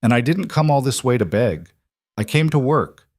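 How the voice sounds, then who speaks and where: A man's voice: medium pitch, animated, moderate pace, dry recording, clean studio sound, voice pushed up, close to an everyday voice. A man voicing a bold, desperate young woman who answers back sharply. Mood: pleading, firm. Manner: sharp, defiant retorts.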